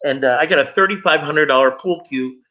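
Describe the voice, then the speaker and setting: A middle-aged man gives an earnest personal testimony in a high, bright voice, speaking directly to the people listening. The recording sounds dull and lo-fi. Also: brisk. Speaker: speaker sharing his recovery story.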